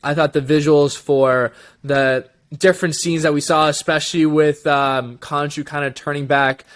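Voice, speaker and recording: A man with a slightly higher voice chats loosely as co-host of a review show. He laughs a lot and rambles in an animated way. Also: normal speed. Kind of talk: casual review chat.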